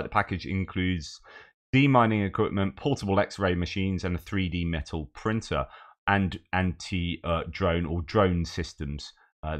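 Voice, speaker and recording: Low-voiced man giving casual news commentary. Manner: conversational, chatty asides and restarts. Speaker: host of a war news update channel.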